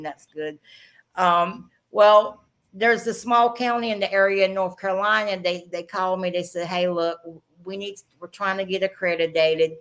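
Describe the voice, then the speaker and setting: A woman's voice: medium pitch, fairly bright tone. A middle-aged woman with a Southern accent, a guest telling frank stories in a casual chat, laughing often as she talks. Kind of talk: casual storytelling interview.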